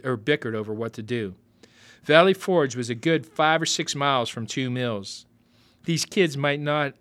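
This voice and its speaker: A man reading a novel aloud as narrator, with lively, expressive storytelling. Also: medium pitch.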